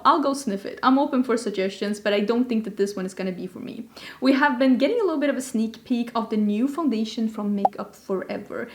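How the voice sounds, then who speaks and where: A woman hosting a casual beauty vlog, chatty and rambling, with self-deprecating asides. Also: on the high side. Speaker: beauty vlogger host. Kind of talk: casual chat.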